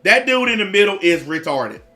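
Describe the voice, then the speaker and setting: A man's voice: high-pitched, sing-song, normal speed, sharp tone, soft background music. A man giving blunt, profane reaction commentary in a repetitive rant.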